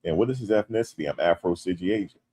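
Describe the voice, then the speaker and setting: A low-voiced man from the United States talks casually on a livestream. He reads the chat aloud and answers with playful jokes. When viewers tease him, he turns loud and animated. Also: fast talker, husky. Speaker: livestream host.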